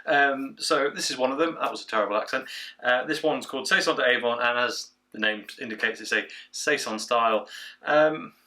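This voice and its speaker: A man giving a casual beer review from home, chatty and relaxed, with plenty of filler sounds. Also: mid-range voice, a little fast. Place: at home, indoors.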